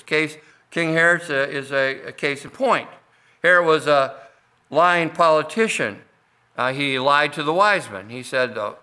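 A man delivers a sermon in a slightly high, bright and forceful voice. He works through scripture at a measured pace, pausing on fillers and restarting phrases as he goes. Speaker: pastor.

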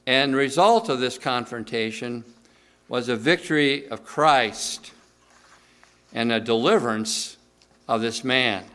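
A middle-aged man preaching a sermon in an earnest way, slowing down to stress key words and often restarting his sentences. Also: medium pitch, fairly bright tone, clean tone. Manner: earnest, slows down for emphasis, frequent restarts. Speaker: pastor.

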